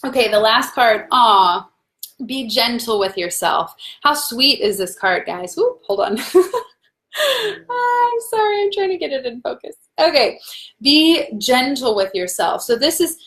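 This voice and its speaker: A woman hosting a live tarot reading, talking warmly and encouragingly to her viewers, laughing often and reading out their comments. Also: a little high, expressive, measured pace. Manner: warm, encouraging, talks to viewers as "guys".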